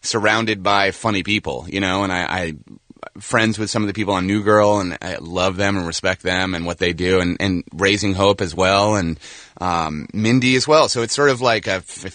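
A man from the Boston area, an actor guest chatting casually on a radio show, self-deprecating and quick to laugh. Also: low voice, a bit bright, dry recording. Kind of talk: casual radio interview chat.

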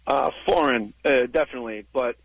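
Rambling comedian on a phone line. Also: male voice, mid-range voice, brisk, vocal fry, dry recording. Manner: rambling storyteller, acts out voices. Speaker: comedian guest calling in. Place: car in the woods. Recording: radio call over phone line.

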